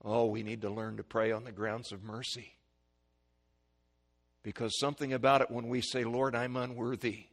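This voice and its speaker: A male preacher giving a sermon, swinging from hushed, slow pleading to loud, high-pitched shouts. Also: little pitch movement. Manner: dramatic swings from quiet to shouting.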